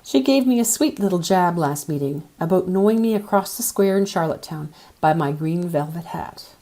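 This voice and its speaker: A woman reading a novel aloud as an audiobook, in a measured, gentle way. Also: lowish voice, lively intonation. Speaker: audiobook reader.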